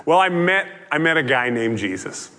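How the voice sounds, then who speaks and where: A man's voice: fairly high pitch, very animated, moderate pace, bright, forceful tone, long reverb tail. A preacher playing a cheerful healed man. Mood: friendly. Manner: friendly, easygoing. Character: cheerful healed man greeting an old friend.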